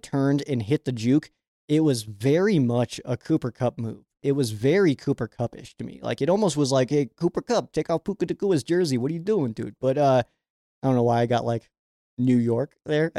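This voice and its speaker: A man's voice: medium pitch, warm tone, no echo, clean studio sound. Rambling young man talking football. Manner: rambling, filler-heavy, with frequent "like". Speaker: sports show host. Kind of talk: casual fan commentary with viewer questions.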